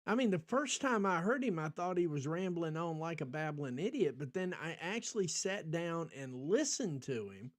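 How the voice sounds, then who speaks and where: A man's voice: fairly high pitch, animated, moderate pace, hardly any pauses. An American man hosting a podcast livestream, rambling in casual chat, full of ums and restarts and answering viewers in the chat. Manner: rambling, talks back to chat, frequent ums. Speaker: podcast host.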